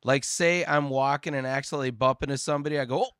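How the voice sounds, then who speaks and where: A man's voice: medium pitch, steady tone, quick pace, fairly bright tone, smooth, no echo, clean studio sound. A man from Minnesota hosting a casual podcast chat with a jokey, laughing delivery. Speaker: podcast host. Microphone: podcast mic, virtual studio.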